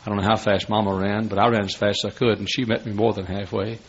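A man's voice: fairly low pitch, little pitch movement, quick pace, husky. An older man, preaching a sermon through folksy, dramatic storytelling. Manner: folksy, dramatic, building to shouts. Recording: muffled lo-fi recording.

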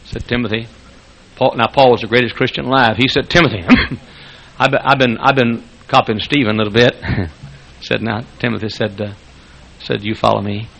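An older man preaching a sermon, telling folksy stories, chuckling often and rising to loud exclamations. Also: mid-range voice, normal speed, creaky. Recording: dull lo-fi sermon recording.

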